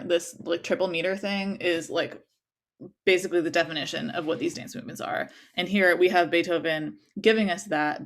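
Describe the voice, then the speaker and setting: A young woman teaching a music interpretation class, chatting casually and singing rhythms on nonsense syllables between explanations. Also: fairly low pitch. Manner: casual, sings rhythms on syllables, many fillers.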